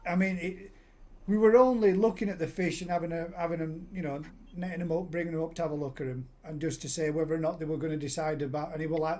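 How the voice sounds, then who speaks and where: A man's voice: on the high side, brisk, a little mellow. Chatty man hosting. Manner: chatty, rambling storyteller with many restarts. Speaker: host. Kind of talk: casual chat. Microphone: live stream call.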